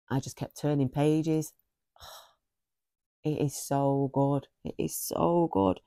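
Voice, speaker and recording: Middle-aged woman, book reviewer, effusive, repeats herself, mellow tone, dry sound. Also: extremely low pitch, no room sound. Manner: effusive, repeats phrases for emphasis.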